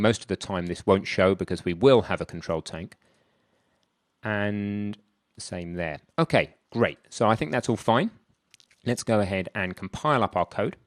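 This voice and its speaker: A man's voice: on the low side, no echo, studio quality. A man thinking aloud in a chatty way as he works through a screen-recorded programming tutorial. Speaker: programming instructor.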